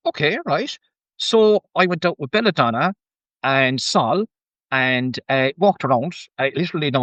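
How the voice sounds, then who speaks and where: Irish man telling a lively story. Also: medium pitch, no room sound, dull audio. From Ireland. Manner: animated anecdote-telling, acts out quoted speech, chuckles often. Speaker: guest farmer. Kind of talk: casual storytelling interview.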